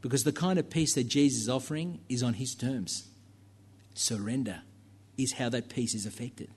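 A man's voice: medium pitch, moderate pace, darkish tone, husky. A man preaching a sermon in a church, talking conversationally with fillers and asides to the congregation.

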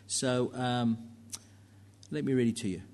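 A man's voice: mid-range voice, flat delivery, unhurried, darkish tone. A man preaching a sermon in a church, talking conversationally with fillers and asides to the congregation.

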